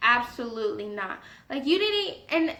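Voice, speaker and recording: A young woman telling a story to her viewers in a casual vlog, animated and indignant, acting out both sides of a conversation. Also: fairly high pitch, normal speed, reverberant. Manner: animated, indignant retelling with quoted dialogue.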